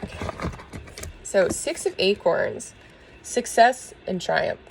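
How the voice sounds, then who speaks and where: A woman giving a spiritual tarot reading and talking earnestly to her viewers, soft and emotional, with small laughs. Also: medium pitch, huge pitch swings, slow pace, gravelly, slight background noise, poor audio. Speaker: tarot reader.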